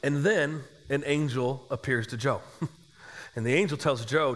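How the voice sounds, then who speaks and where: A man in his forties, a pastor, telling a comic story in a sermon and acting out the dialogue with lively energy. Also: mid-range voice, measured pace. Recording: long echo of a large hall.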